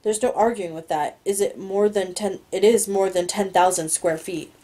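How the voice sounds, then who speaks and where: Guarded rich young man, clipped and low , read by a woman in a mellow voice, for a read-aloud novel. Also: fairly even intonation, normal speed, close to an everyday voice. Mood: controlled.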